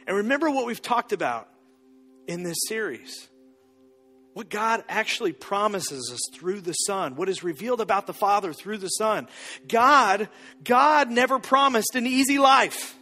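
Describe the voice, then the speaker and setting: A man's voice: high-pitched, lively intonation, measured pace, pushed and bright, big-room sound, faint music behind. A man preaching a sermon as pastor, emphatic and often chuckling, building through repeated phrases.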